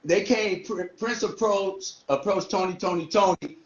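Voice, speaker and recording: A man's voice: high-pitched, unhurried. A middle-aged man, a radio host chatting easily in an interview and laughing along with his guest. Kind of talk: casual interview. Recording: roomy, slightly dull, faint background hiss.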